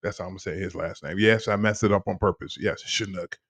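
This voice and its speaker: A man hosting a casual political chat with his father, talking in an animated, rambling and profane way. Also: low voice, fast talker. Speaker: host, son.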